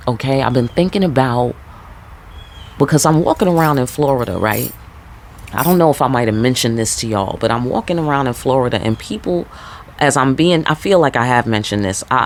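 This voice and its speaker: A woman's voice: very deep voice, a little hiss or hum. A woman with a New York accent reading tarot and talking casually to viewers, laid back, blunt and profane. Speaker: tarot reader. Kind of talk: casual spiritual talk to viewers.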